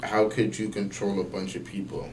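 A young man telling a story in casual podcast chat, slangy and animated, swearing often and using lots of fillers. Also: fairly low pitch, moderate pace, noisy background. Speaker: podcast guest.

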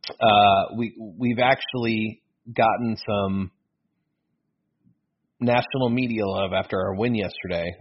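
Low-voiced man on a dull lo-fi podcast. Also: takes it slowly, pauses often, slightly rough. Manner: rambling, self-correcting, excitable. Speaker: podcast co-host. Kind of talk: casual sports podcast chat.

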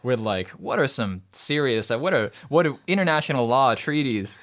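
Relaxed man with a lively voice. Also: medium pitch, normal speed. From United States. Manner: relaxed, hesitant, lots of fillers. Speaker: podcast host. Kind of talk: casual chat.

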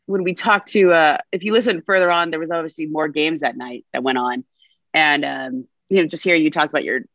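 A woman's voice: low voice, brisk, a bit bright, no room sound, lo-fi sound. A woman in her thirties, a reporter guest on a podcast, animatedly recounting a story. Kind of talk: casual conversation.

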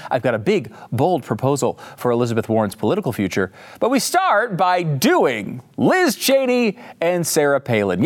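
A man hosting a political talk show, delivering sarcastic commentary in a mocking, theatrical way. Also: a little high. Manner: mocking, theatrical, jumps between voices. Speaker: podcast host.

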